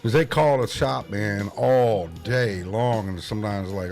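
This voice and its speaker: A man's voice: measured pace, creaky, darkish tone, faint music behind. A man co-hosting a casual podcast chat, a rowdy storyteller who acts out prank calls. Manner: rowdy storyteller, acts out both voices with a raised pitch. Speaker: podcast co-host.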